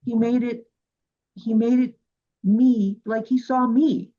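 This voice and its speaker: Woman host from cuba, warm mellow voice, kinda dull lo-fi sound, talks earnest n heartfelt. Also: on the high side, steady tone, slow pace. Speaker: radio show host. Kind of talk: casual interview chat. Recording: dull lo-fi recording.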